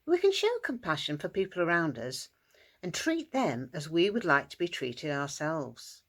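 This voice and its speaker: A woman telling a Bible story to primary school children in an expressive storytelling voice. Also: normal speed. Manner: expressive, shifts into squeaky character voices and shouts.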